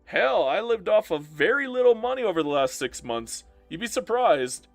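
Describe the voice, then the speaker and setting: A man's voice: high-pitched, sing-song, moderate pace, creaky, no room sound, faint music behind. A man live-streaming a strategy game and bantering playfully with his chat as he reads their messages aloud.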